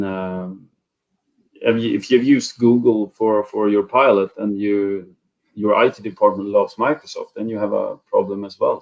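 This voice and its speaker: A man speaking on an online panel discussion, halting and restarting often, heard over a video call. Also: lowish voice, creaky, slightly rough, rough recording. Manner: halting, many restarts and fillers.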